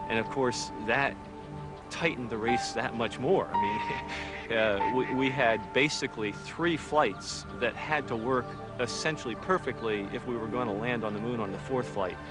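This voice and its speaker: An older man, a former space program engineer, speaking in a measured, reflective documentary interview. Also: medium pitch.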